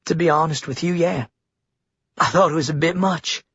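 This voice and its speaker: A man voicing a wary young woman survivor who talks quietly and picks her words with care. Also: a little high, slightly rough, dry recording, muffled recording, pitched above the performer's own voice, exaggerated voice. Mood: guarded. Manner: careful, measured, quiet.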